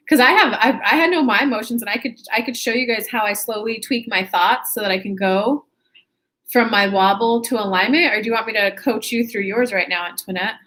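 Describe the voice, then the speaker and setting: Woman, livestream host, upbeat and talkative, a bit high, webcam mic. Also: a bit bright. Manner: chatty, upbeat, with laughs and self-corrections. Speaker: spiritual channeler hosting a livestream. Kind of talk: casual livestream talk to viewers.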